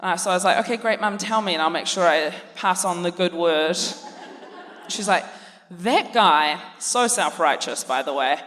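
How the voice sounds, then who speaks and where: A woman's voice: fairly low pitch, moderate pace, fairly bright tone. A woman, a comedian co-hosting, telling a dry, self-mocking story on stage and acting out family voices. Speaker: comedian co-host. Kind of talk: live stand-up storytelling. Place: large theatre stage before a laughing audience. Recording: long hall reverb, audience noise.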